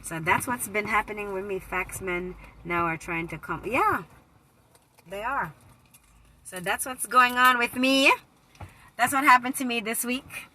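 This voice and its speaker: A woman casually telling a personal story to her viewers, animated and profane, speaking into a phone. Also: mid-range voice, a little slow, rough recording. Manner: animated, profane, slips into loud quoted voices. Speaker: vlogger reading live comments.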